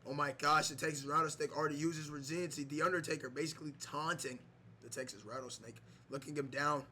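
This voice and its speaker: A man giving mock wrestling play-by-play over a video game, excitable, with many fillers and shouts on big moves. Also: on the high side, quick pace, slight background noise. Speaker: gameplay commentator.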